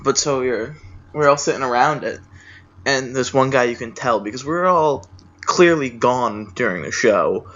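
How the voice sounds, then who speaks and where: A man's voice: mid-range voice, normal speed, fairly bright tone. A young man casually telling a story among friends, swearing and acting out the people he quotes. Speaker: podcast storyteller. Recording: dull lo-fi home recording.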